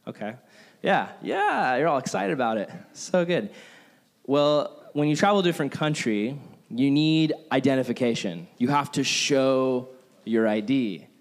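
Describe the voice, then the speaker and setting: A man's voice: medium pitch, lively intonation, measured pace. Chatty jokey young male preacher. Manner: chatty, jokey, self-deprecating. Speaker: youth pastor. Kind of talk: casual sermon with stories.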